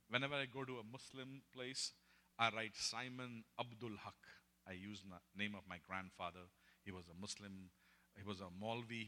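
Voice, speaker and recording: Male preacher, bright edgy tone, animated storyteller, hushed-to-loud swings, long hall reverb. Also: on the low side. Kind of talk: sermon storytelling.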